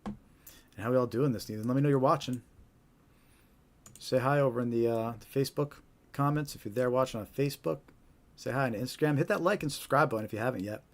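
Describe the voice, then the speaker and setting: A man's voice: medium pitch, fast talker, pauses often. A man hosting a live stream, explaining things casually and often asking "right?". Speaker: host.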